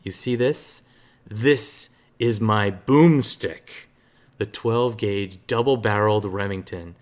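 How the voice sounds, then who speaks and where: A man reading as a cocky male hero showing off a shotgun, slow, loud and deliberate. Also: fairly low pitch.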